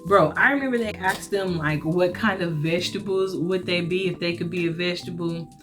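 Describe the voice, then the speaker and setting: Chatty woman storyteller, lower-pitched. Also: fairly quick, music in the background. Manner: chatty, emphatic, addresses listeners as y'all. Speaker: vlogger. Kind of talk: casual storytelling.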